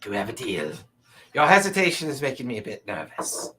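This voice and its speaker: A man voicing a courteous male merchant who bargains smoothly and politely at his counter, in a tabletop game. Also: mid-range voice, wildly swooping pitch, fairly quick, bright, forceful tone.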